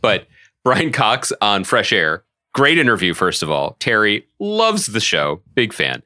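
A man co-hosting a pop-culture podcast, telling animated, joking stories in casual chat. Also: fairly low pitch, unhurried. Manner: animated storyteller, jokey riffs. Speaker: podcast co-host.

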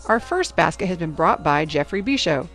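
A woman's voice: fairly low pitch, sing-song, moderate pace, fairly bright tone, soft background music. A woman voicing a stern, formal booster club president running a school auction, with a commanding announcer manner.

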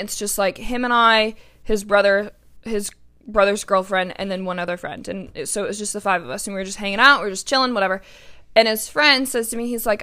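A woman's voice: medium pitch, a bit bright, clear, resonant tone. A young woman, hosting a podcast and telling a personal story in a chatty way, full of fillers and casual swearing. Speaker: podcast host.

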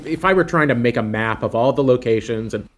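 A man's voice: mid-range voice, a little fast. A man in casual conversation who often stammers and repeats words, with chuckling asides. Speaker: podcast co-host. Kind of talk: casual discussion.

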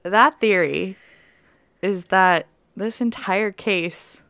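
A woman's voice: medium pitch, fairly bright tone, no room sound. Woman podcast co-host, casual chat, playful, laughs a lot, dry close sound. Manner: playful, laughs often, quick asides.

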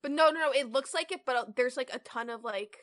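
A woman in her twenties co-hosts a casual podcast, chatting and reading fan fiction aloud, hesitant and stumbling over the words. Her voice is high-pitched, quick and a bit bright.

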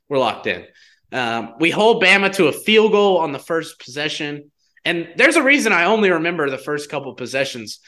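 A young man chatting casually as a guest, telling a personal story in an animated way, full of "like" fillers. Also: mid-range voice. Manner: animated, heavy use of "like" fillers.

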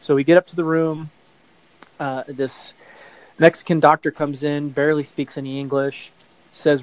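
A man's voice: on the high side, little pitch movement, moderate pace, pauses often, rough recording. Middle-aged man rambling through a story. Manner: rambling, self-correcting storyteller who acts out quoted voices. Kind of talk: casual anecdote telling.

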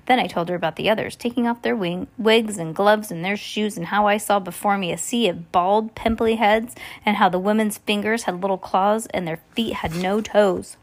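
A woman's voice: mid-range voice, steady tone, moderate pace, few pauses. A woman reading a children's book aloud casually, often restarting and correcting herself. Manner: reads with frequent restarts and corrections. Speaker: reader.

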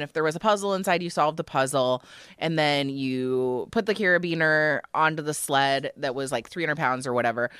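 A woman's voice: low voice, a bit bright, smooth, no echo, clean studio sound. A woman co-hosting a podcast, animatedly recapping a TV episode in casual chat, emotional and full of fillers. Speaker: podcast co-host.

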